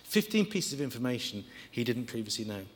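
A man's voice: medium pitch, very animated, brisk, long reverb tail. A man preaching a sermon, stressing each numbered point. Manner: emphatic, counting points aloud.

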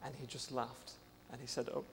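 Young guy, gravelly voice, hesitant testimony, echoey hall, faint hum. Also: mid-range voice, fairly even intonation, moderate pace. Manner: earnest, hesitant, with many fillers. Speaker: church intern sharing a testimony. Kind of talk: personal testimony.

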